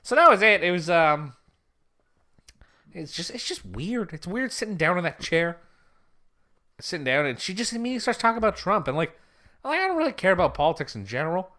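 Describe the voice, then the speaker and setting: A man's voice: sits high, big pitch swings, fairly quick, pauses often, sharp tone. A man co-hosting a podcast, telling a story in casual chat, rambling and often laughing. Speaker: podcast co-host.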